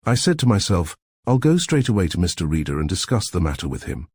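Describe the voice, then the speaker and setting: A man voicing a pushy, ingratiating middle-aged crook who talks loud and emphatic. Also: deep voice, sing-song, quick pace, breathy edge, no room sound, studio quality, full character voice. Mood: wheedling.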